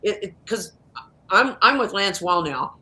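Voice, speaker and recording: A woman's voice: medium pitch, a little slow, a little hiss or hum. A woman in her sixties, a guest on a video call, telling stories with an emphatic, evangelical fervor. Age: 60s. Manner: animated storyteller, evangelical and emphatic. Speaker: guest, documentary producer. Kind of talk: interview over video call.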